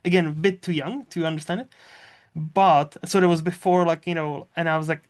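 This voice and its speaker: Rambling man, slightly high voice. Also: steady tone, fairly quick. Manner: rambling, swears freely, lots of fillers. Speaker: podcast host. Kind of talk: casual movie chat.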